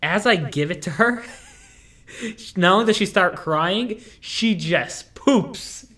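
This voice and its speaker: A man's voice: high-pitched, lively intonation, slow, bright, forceful tone. A young man hosting a casual chat, rambling and goofy, full of fillers and restarts. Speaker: podcast host.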